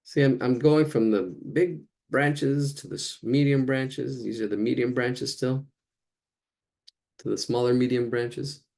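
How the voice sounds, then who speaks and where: A man's voice: medium pitch, measured pace, darkish tone. A man teaching a casual live drawing lesson, chatting and thinking aloud as he sketches.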